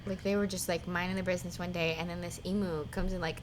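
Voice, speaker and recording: A young woman co-hosting a podcast in casual chat, telling stories in a lively, laughing way with casual swearing. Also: on the low side, quick pace, crowd noise. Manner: animated, swearing, laughing storyteller. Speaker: podcast co-host.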